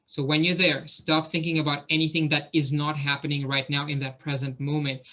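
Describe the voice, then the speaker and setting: A man coaching a group over a video call, his voice very bright and a little higher than most men's. He keeps it encouraging and conversational, inviting others to speak. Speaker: fitness coach.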